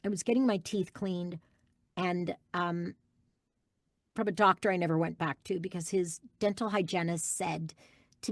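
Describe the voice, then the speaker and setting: A woman's voice: mid-range voice, normal speed, fairly bright tone, no room sound, clean studio sound. A woman guest voice actress giving an emphatic interview answer, insisting on her point and repeating key phrases.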